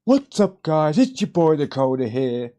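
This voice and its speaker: A man with a British accent parodying an overeager young male YouTuber, loud and bouncy, greeting his viewers. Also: on the high side, big pitch swings, a little slow, voice pushed up. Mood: hyped.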